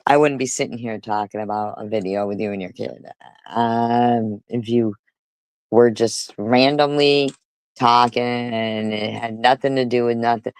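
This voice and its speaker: A woman's voice: rumbling low, fairly even intonation, measured pace, darkish tone, clean tone, no echo. A woman live streamer ranting angrily and cursing often, repeating herself as she argues with critics. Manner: angry, profane, repetitive. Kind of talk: heated livestream rant.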